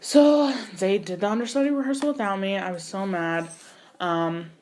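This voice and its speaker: A young woman, an actor and singer, telling an animated story in a casual interview, full of "like" and "you know". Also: mid-range voice, moderate pace, a little hiss or hum.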